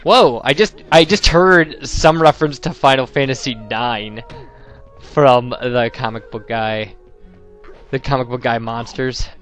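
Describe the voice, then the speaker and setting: A man's voice: mid-range voice, a little slow, a bit bright, faint music behind. A young man from the United States casually commentating gameplay and rambling through personal stories. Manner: rambling, chatty storyteller. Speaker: let's play commentator.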